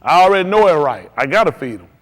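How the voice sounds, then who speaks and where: A man's voice: a little high, sing-song, fast talker. Emphatic preacher man, punchy repeated lines. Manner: emphatic and repetitive, punchy short declarations. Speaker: pastor. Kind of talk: live-streamed sermon.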